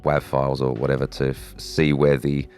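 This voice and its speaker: A man's voice: monotone, moderate pace, a little mellow, soft background music. A man playing a tabletop horror game, playful and joking with the group. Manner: playful, coos in a high voice at a pet. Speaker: player.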